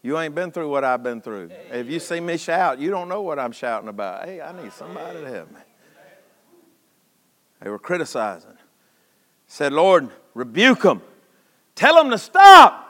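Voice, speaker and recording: A man preaching a sermon in a church, folksy and impassioned, swinging from shouts to hushed tones. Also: a little high, expressive, normal speed, pauses often. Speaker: pastor. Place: church sanctuary. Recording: long hall reverb.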